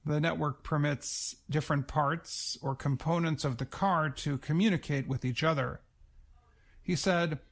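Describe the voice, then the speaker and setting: Male reporter, slightly higher pitch, gravelly texture, measured read. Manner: steady, measured news delivery. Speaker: news reporter. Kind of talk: scripted news reading.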